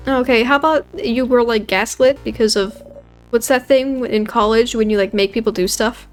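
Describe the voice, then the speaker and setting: A woman's voice: a little high, normal speed, soft background music. A woman hosting a let's play, chatting and joking casually as she plays a video game. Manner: joking, chatty, self-deprecating. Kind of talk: gaming commentary.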